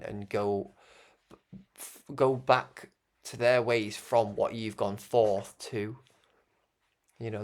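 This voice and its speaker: Gravelly Scouse man musing aloud. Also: on the low side. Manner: rambling, restarts often, chuckles between thoughts. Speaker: broadcast host. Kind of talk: reflective spoken monologue.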